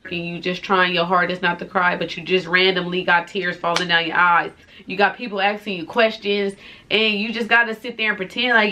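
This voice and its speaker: A young woman vlogger, speaking softly and informally in an emotional confessional vlog, tearful at times. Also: fairly low pitch, little pitch movement, a little fast, a little hiss or hum. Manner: soft-spoken, heartfelt, informal slang.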